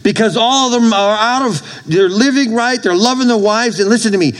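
A man's voice: extremely high pitch, brisk, low-quality recording. A man preaching a sermon as pastor, emphatic, repeating his phrases and calling for amens from the congregation.

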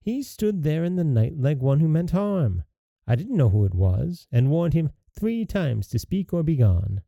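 A man's voice: on the high side, sing-song, measured pace, gravelly, dark tone, dry recording, studio quality, pitched above the performer's own voice, exaggerated voice. A man voicing a naive, fearless young man who speaks earnestly and plainly, in a storybook reading.

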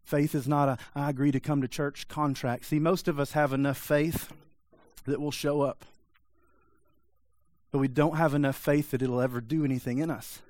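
A man delivering a sermon in a fairly high voice, pushing hard with question after question. His manner is direct and urgent, and the recording is dry and close, with no room sound. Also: little pitch movement, moderate pace, a little mellow, no echo. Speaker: pastor.

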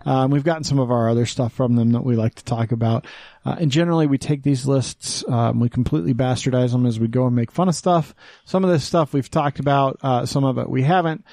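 A man's voice: mid-range voice, fairly quick, vocal fry, dark tone, no echo. A man co-hosting a podcast in casual chat, joking and swearing freely, with plenty of fillers as he leads the segments. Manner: joking, profane, filler-heavy. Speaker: podcast co-host leading segments.

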